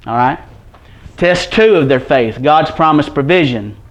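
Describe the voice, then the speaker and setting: A man's voice: on the high side, lively intonation, unhurried. A man preaching an earnest Bible-teaching sermon, repeating his points and checking in with his listeners. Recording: dull lo-fi recording.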